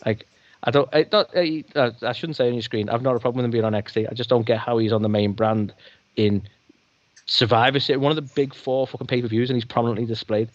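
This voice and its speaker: A man's voice: mid-range voice, steady tone, fast, no room sound. A man rants on a casual podcast, exasperated and swearing freely. The sound is dry with no room in it. The audio is slightly dull and lo-fi. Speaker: podcast co-host.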